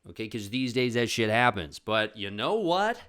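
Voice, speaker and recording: A man's voice: mid-range voice, big pitch swings, moderate pace, a bit bright, clear, resonant tone. A man hosting his own podcast, telling a funny family story in a rambling casual way, swearing and saying "like" a lot. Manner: rambling, swears, says "like" often. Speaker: podcast host.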